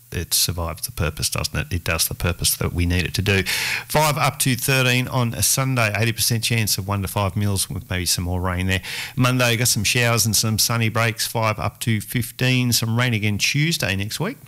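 A man's voice: on the low side, lively intonation, normal speed, fairly bright tone. A man with an Australian accent hosting a community radio show, chatting loosely and answering his own questions. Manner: chatty, rambling, talks to himself. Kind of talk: casual radio chat.

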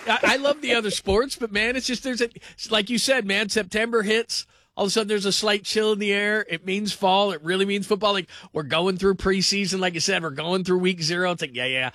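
A man hosting a call-in sports radio show, talking in a rambling, animated way that circles back on itself. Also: sits high, a little fast, hardly any pauses, no room sound, clean studio sound. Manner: rambling, animated, repeats himself.

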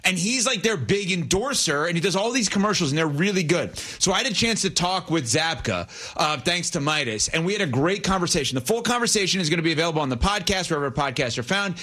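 A man's voice: fairly high pitch, pushed and bright. A man hosting a podcast, delivering a promotional segment with enthusiastic, emphatic energy. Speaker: podcast host.

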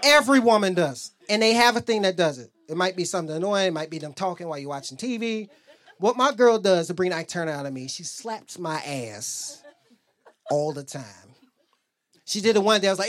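A man's voice: high voice, expressive, a little fast, fairly bright tone. A man performing a stand-up set in a comedy club. His voice swoops up and down as he tells loose, profane stories and acts out the people in them.

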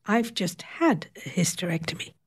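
A woman's voice: lowish voice, animated, moderate pace, breathy edge. A woman voicing a tart-tongued beautician in her fifties. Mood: sweetly cutting. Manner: tart, sweetly cutting.

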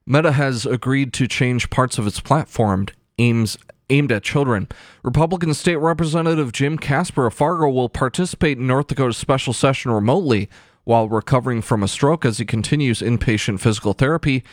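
A man reads the local news on the radio in a steady, clipped cadence. His voice sits close and dry on a studio mic, with a mid-range pitch. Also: fairly quick, no echo. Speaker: news anchor. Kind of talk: radio newscast.

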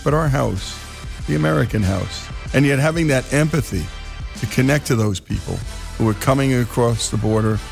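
A man hosting a radio storytelling show, speaking in a measured, heartfelt way. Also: medium pitch, vocal fry. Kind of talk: radio program narration. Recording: radio broadcast with faint music.

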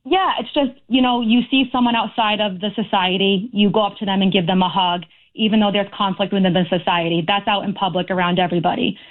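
A woman's voice: mid-range voice, fairly even intonation, fast talker, hardly any pauses. A woman calling in to a talk radio show, speaking earnestly and with a sense of grievance. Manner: earnest, aggrieved, talks in long runs. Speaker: caller. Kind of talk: phone-in talk radio call. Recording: tinny phone line.

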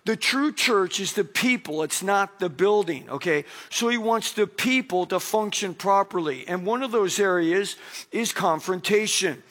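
Middle-aged male pastor, high voice, lively sermon delivery that acts out quoted lines. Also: measured pace.

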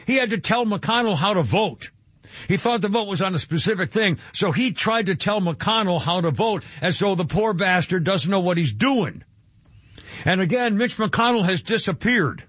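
A man's voice: high-pitched, expressive, moderate pace, fairly bright tone, husky, dry recording, highs cut off. A man hosting a talk radio show, giving opinionated, rambling commentary full of fillers. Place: radio studio.

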